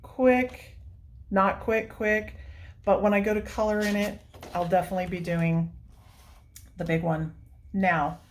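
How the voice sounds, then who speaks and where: A woman's voice: fairly low pitch, little pitch movement, moderate pace, pauses often, darkish tone. A woman hosting a casual vlog, chatting and gushing as she shows things, laughing often. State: tearful, near crying. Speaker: coloring book channel host. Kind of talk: casual show-and-tell vlog.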